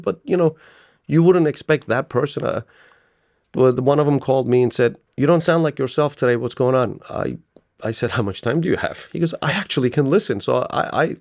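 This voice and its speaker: A man speaks as a podcast guest, spinning stories and acting out both sides of a conversation with plenty of laughter. His voice sits at an ordinary middle pitch. The sound is dry and close, with no room echo. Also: creaky. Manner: animated storyteller, laughs often, acts out dialogue. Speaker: business owner guest. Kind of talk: podcast interview.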